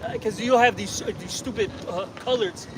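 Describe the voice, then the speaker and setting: A man's voice: high voice, fairly quick. A man preaching in the street, confrontational and emphatic, often checking with "okay?". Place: outdoors on a city street. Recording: distant outdoor recording with street noise.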